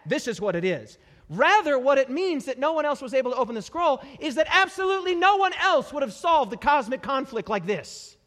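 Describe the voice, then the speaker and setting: A male preacher giving a sermon to a live congregation, animated and repetitive, dropping humorous asides. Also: very high-pitched, a little fast. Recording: long hall reverb.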